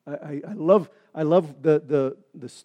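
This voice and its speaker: A male pastor preaching a sermon, with frequent halting restarts that build into emphatic, rising delivery. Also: fairly high pitch, dull audio.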